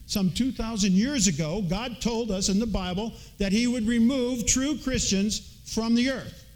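A high-voiced man preaches from the pulpit. He reads scripture earnestly and slips into homespun, folksy stories to make his point. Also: a little slow, darkish tone, low-quality recording. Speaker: pastor. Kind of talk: sermon.

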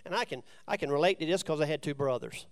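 This preacher talks fast in a fairly high, clear, resonant voice. He reads from scripture and follows each passage with plain, chatty explanation.

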